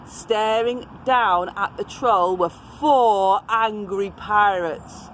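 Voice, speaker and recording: A woman reading a story aloud to children, expressive and gentle, speaking to them directly. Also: medium pitch, drawn-out words, few pauses, slight background noise.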